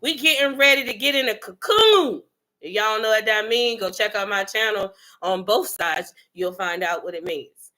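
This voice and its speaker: A woman's voice: medium pitch, lively intonation, moderate pace, bright, forceful tone. A woman from the Bronx hosting a casual livestream, chatting and greeting viewers by name. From the Bronx, New York. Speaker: livestream host.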